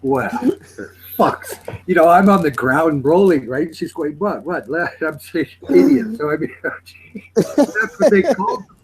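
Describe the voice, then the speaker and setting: A man's voice: a little high, animated, takes it slowly, background noise. A man from Lancashire with a Lancashire accent, chatting casually and telling laid-back anecdotes. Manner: laid-back storytelling, laughs along. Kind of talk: casual chat with banter.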